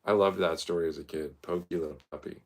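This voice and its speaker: A man's voice: sits low, fairly even intonation, fast talker. A man telling rambling, profane, stream-of-consciousness stories in a casual monologue.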